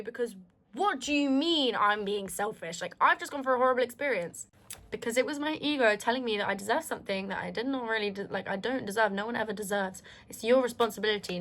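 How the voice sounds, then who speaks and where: A woman's voice: a little high, a bit bright. A woman talking straight to her viewers in a candid, heartfelt monologue. She is emphatic and reflective, swears freely and often restarts her sentences. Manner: earnest and reflective, with frequent restarts. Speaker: vlogger.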